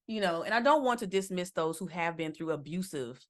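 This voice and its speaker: A woman hosting a casual podcast, backing up her husband with soft affirmations and then explaining her views with feeling. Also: fairly low pitch, animated, brisk. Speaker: podcast host, wife.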